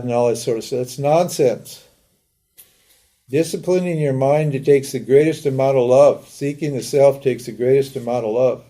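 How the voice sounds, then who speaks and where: Dark-voiced man giving a lively lecture. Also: mid-range voice, moderate pace. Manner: conversational, asks rhetorical questions, acts out pleading prayers. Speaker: Vedanta teacher. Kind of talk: live lecture.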